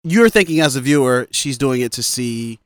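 A man's voice: mid-range voice, expressive, normal speed, dry recording. A man casually recapping a film on a podcast, laughing often and quoting the characters as he goes. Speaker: podcast co-host. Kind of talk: casual movie recap chat.

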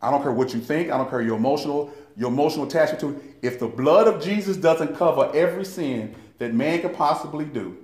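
A man's voice: fairly high pitch, fast, hardly any pauses, darkish tone, reverberant. A man teaching a Bible study in an impassioned preaching style, calling his listeners saints. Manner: impassioned, addresses listeners as saints, rises in fervor.

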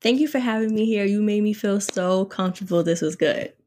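A woman's voice: mid-range voice, a little fast, darkish tone. A woman guest on a podcast, speaking thoughtfully and hesitantly, often checking that she makes sense. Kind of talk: casual interview chat.

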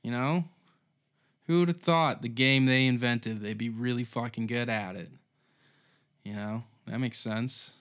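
A man's voice: medium pitch, a little slow, pauses often, fairly bright tone. A man hosting a solo comedy podcast, rambling and swearing in an offhand way, often trailing off. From Canada. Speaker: podcast host.

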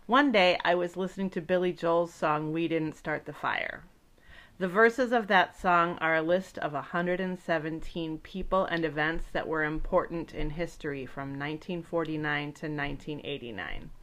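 A woman entertainer speaking gently and warmly to children, telling a friendly story and explaining words simply. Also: deep voice, normal speed.

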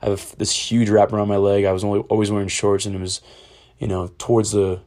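Low, flat-voiced young man telling a story. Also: quick pace. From Ohio, USA. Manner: rambling, candid, swears freely. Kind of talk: casual personal storytelling.

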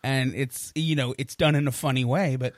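A man co-hosts a music podcast, chatting casually about music with easygoing yet emphatic remarks. His mid-range voice holds a steady tone at a moderate pace. The studio sound is clean with no echo.

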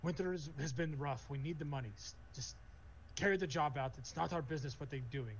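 A man's voice: fairly high pitch, fairly quick, slight background noise, close to an everyday voice. Blunt tough orc guards, bickering, played by a man, tabletop game. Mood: arguing. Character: gruff wary orc guards, male and female.

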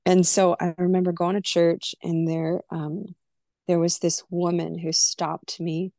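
A woman from California tells her own story as a podcast guest, slipping into the voices of the people she quotes. Her voice sits low and gravelly. The mic is close and the sound is dry. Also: flat delivery, unhurried, warm tone, no room sound. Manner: candid, emotional, acts out quoted dialogue. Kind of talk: personal storytelling in a podcast interview.

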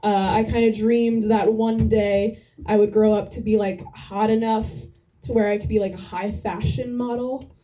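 A young woman from New Jersey doing a stand-up set with a deadpan delivery and a drawling "like". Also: medium pitch, normal speed, recorded from a distance, rough recording. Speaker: stand-up comedian. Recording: live club crowd laughter.

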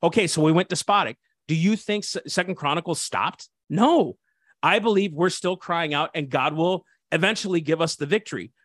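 Assistant pastor guest, fervent and preachy, light higher voice, dry close sound. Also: male voice, normal speed, a bit bright, no echo. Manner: fervent, preachy, frequent restarts and "dude". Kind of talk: impassioned interview talk.

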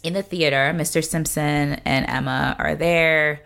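Woman, low voice, chatty, giggly, podcast co-host, casual recap. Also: steady tone, measured pace, gravelly, fairly bright tone. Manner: chatty, giggly, many fillers.

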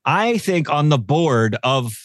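A man co-hosting a casual film podcast, retelling scenes with lively acted-out voices. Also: on the high side, slow pace, dry recording, studio quality. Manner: animated, acts out scenes in quoted voices. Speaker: podcast co-host.

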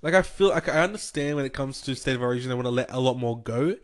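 A man's voice: medium pitch, quick pace. A young Australian man co-hosting a podcast, rambling and exasperated in casual chat. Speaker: podcast co-host.

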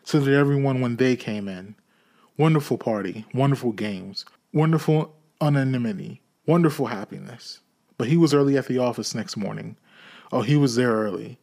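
A man reading a classic novel aloud in a steady, measured storytelling way. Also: mid-range voice, creaky. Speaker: audiobook reader.

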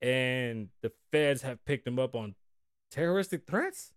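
A man in his forties hosting a casual podcast, with profane, animated trash talk. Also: medium pitch, unhurried, clean tone, no room sound, studio quality. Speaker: podcast host.

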